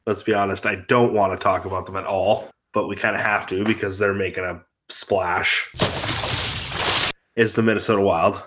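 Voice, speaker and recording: A man with a fairly low voice hosts a casual sports podcast. He talks bluntly and gives strong opinions in an easygoing, conversational way. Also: fairly even intonation, normal speed, a bit bright, slight background noise. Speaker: podcast host. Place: remote, out of town.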